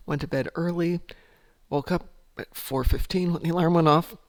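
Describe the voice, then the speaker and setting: A man's voice: on the high side, fairly even intonation, moderate pace, dry recording. A man hosting a casual gameplay stream, just woken up and rambling as he thinks aloud. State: sleepy, just woke up. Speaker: gaming channel host.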